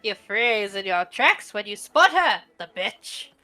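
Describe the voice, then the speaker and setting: A woman's voice: mid-range voice, very animated, measured pace, sharp tone, soft background music. A woman narrating a tabletop role-playing game as game master, in a playful way. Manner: playful narration, laughing between lines.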